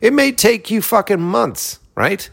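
Animated, profane man from Boston. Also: sits high, measured pace, creaky. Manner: profane, animated storytelling with acted-out dialogue. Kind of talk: casual monologue.

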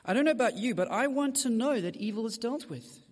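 A man's voice: extremely high pitch, animated, a little fast, long reverb tail. A man preaching a sermon, speaking straight to his congregation with frank asides. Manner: direct, addresses the congregation with asides.

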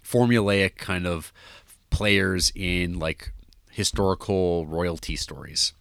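A man's voice: deep voice, steady tone, slow pace, a bit bright, no room sound. A man co-hosting a podcast, talking through a film in a rambling casual way with many fillers and restarts. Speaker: podcast co-host.

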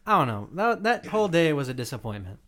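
A man's voice: fairly high pitch, sing-song, quick pace, a bit bright. A young man on a podcast, chatting casually with friends and dropping dry, wry comments. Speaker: podcast co-host. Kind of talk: casual chat.

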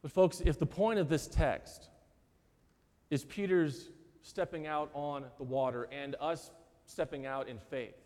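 A man preaching a sermon as pastor, earnest and emphatic, often repeating words and pausing for effect. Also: on the high side, a little mellow. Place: church sanctuary. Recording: church hall with long reverb.

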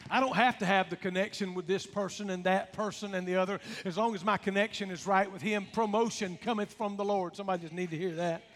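Male preacher, very high voice, rhythmic sermon delivery, echoing church hall. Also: fairly even intonation, fast, few pauses, a bit bright, slight background noise. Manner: rhythmic preaching, calls out to the congregation. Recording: long reverb of a large hall.

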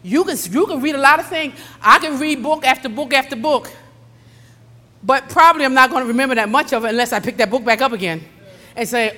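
High-voiced fervent woman preacher in a hall. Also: a little fast. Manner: swings from low conversational talk to fervent shouting; storytelling and preaching with call-outs to the congregation. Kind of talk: sermon. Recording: long hall reverb.

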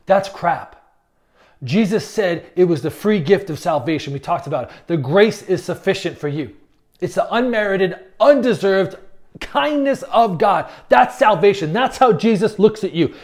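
A man with a notably high voice preaches a sermon. He talks in a conversational, emphatic way, often stumbling and restarting his phrases as he makes his points. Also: lively intonation, normal speed. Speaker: pastor.

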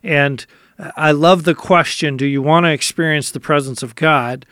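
A male host leads an interview in a calm, reflective way. His voice sits a little high for a man. The sound is dry and close. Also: normal speed, smooth, no room sound.

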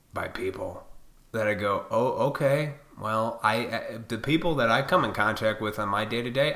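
A man's voice: medium pitch, bright, forceful tone. Profane ranting man in an echoey room. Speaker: vlogger. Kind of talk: ranting monologue to camera.

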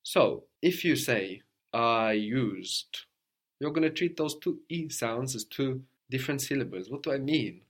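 A man's voice: medium pitch, lively intonation, a little slow. A man teaching a language lesson, patiently prompting his student and often checking with a questioning "no?".

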